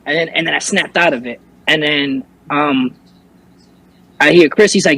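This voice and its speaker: A man's voice: on the high side, moderate pace, pushed and bright, slightly rough, dry recording, rough recording. Rambling young man telling a story. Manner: rambling, many fillers and restarts. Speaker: interview guest, recording artist and streamer. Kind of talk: casual storytelling.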